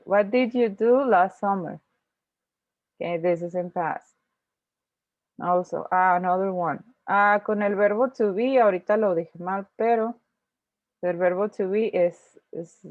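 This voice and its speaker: A woman's voice: medium pitch, dry recording. Woman teaching English over video call. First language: Spanish. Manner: explains patiently, with frequent restarts and thinking aloud. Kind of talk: online class, switching between English and Spanish. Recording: tinny video-call audio, dry.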